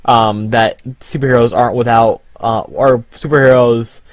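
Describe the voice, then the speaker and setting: A man co-hosting a casual movie review chat, laid-back and quick to agree. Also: mid-range voice, fairly even intonation, no echo.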